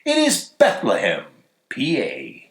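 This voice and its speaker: A man's voice: mid-range voice, huge pitch swings, slow, a bit bright, reverberant, pitched below the performer's own voice, exaggerated voice. A man voicing a plain-spoken male crook who talks in a matter-of-fact, oddly formal way.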